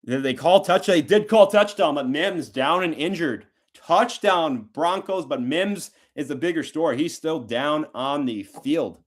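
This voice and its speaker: A man hosting a live football watch-along, calling plays and reacting, with excited jumps between loud calls and quiet asides. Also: fairly high pitch, measured pace, few pauses. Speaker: sports talk host.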